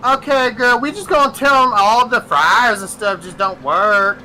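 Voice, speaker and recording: A man voicing a lazy, chatty female fast-food worker in a high, drawling voice. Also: sharp tone, poor audio. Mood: coaxing.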